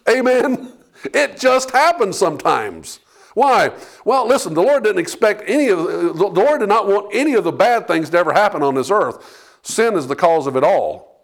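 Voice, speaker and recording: A man's voice: high-pitched, sing-song, moderate pace. A male pastor preaching a sermon in a conversational style, peppering his points with "okay?" and "Amen?" and building in intensity as he exhorts.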